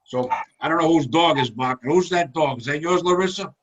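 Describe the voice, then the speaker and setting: A man's voice: a little high, a little fast, lo-fi sound, background noise. A man hosting a casual comedy chat over a video call, teasing his guests and laughing often. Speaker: host.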